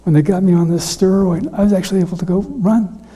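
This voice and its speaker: A hoarse middle-aged pastor preaching a sermon in a halting, emotional way that often sinks to a whisper. His weakened voice is husky and deeply dark. It echoes with the long reverb of a church sanctuary.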